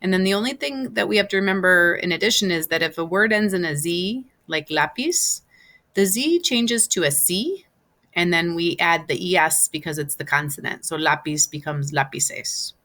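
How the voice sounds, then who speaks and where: A woman teaching a Spanish class, explaining step by step with many pauses and fillers. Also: on the low side, sharp tone. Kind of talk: online class lesson.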